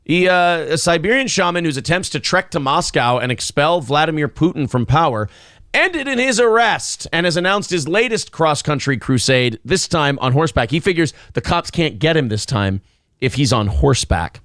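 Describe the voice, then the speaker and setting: A man's voice: on the high side, expressive, moderate pace, fairly bright tone, no room sound, studio quality. A man hosting a morning radio show, joking while reading odd news stories. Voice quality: joking, reads news aloud. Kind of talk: casual banter. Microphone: studio mic.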